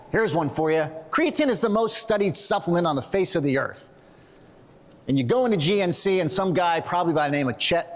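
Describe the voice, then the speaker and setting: A middle-aged man giving a lively live conference talk, often tagging his points with "right?", recorded in a reverberant conference hall. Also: fairly high pitch. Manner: energetic, tags points with "right?". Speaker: conference speaker.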